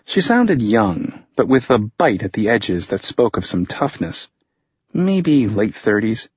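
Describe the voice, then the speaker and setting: A man narrating a thriller audiobook in an even, measured reading, voicing the hero in a dry, understated way. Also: lowish voice, breathy edge, no room sound, dull audio. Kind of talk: scripted narration.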